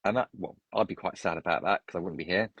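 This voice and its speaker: A man's voice: sits low, fast talker, a bit bright, lo-fi sound. A man telling his life story as an interview guest, rambling with restarts and tangents. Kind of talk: casual storytelling.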